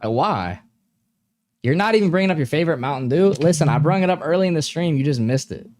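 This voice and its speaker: A man's voice: on the high side, expressive, fast talker, a little mellow. A young man hosting a live stream, chatting casually with viewers in a laid-back, slangy way and laughing often.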